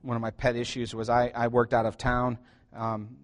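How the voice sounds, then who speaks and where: A middle-aged man preaching a sermon as pastor, joking and shifting between loud emphasis and quiet asides. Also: mid-range voice, completely flat delivery, normal speed.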